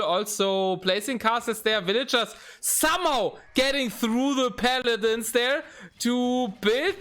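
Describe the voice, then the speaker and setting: A man casting a live esports match, excitable and rambling with plenty of fillers. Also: very high voice, a little hiss or hum. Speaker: game caster.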